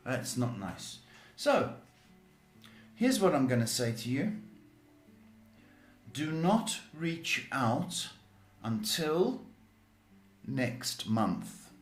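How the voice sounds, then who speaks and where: A man talks slowly and deliberately as he gives blunt psychic advice, teasing his callers and joking at his own expense. His voice sits at an ordinary pitch and rings in an echoey room, with faint music playing behind him. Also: sing-song. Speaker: psychic tarot host. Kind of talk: live-stream advice chat.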